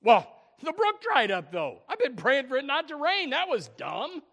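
A man voicing a complaining prophet who whines and pleads in a high, strained voice during a sermon. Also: wildly swooping pitch, moderate pace, a bit bright, heavily acted. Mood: whining. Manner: whiny, pleading, indignant. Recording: echoey hall.

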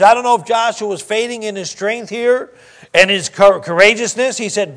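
A man preaching a sermon in a church, reading scripture slowly and swinging between loud emphasis and quiet asides. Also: high voice. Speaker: pastor.

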